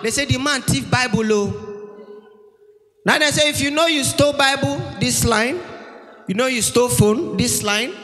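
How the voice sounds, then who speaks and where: A man with a Nigerian accent doing stand-up comedy on a church stage, telling stories with animated shouts. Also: very high voice, normal speed, pauses often. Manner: animated storytelling, shouting punchlines, acting out family members. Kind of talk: stand-up comedy in Pidgin-laced English. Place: large church hall stage. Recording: live hall with long reverb and faint music.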